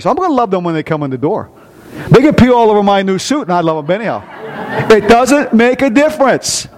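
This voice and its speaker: High-voiced older male preacher. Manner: call-and-response questions to the congregation; joking, animated delivery. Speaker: pastor. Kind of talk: sermon.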